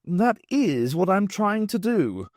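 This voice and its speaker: A man reading an audiobook, voicing an irritable male time traveller who lectures briskly with dry sarcasm. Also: on the high side, big pitch swings, a little mellow, no room sound. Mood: sarcastic. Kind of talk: audiobook character voice.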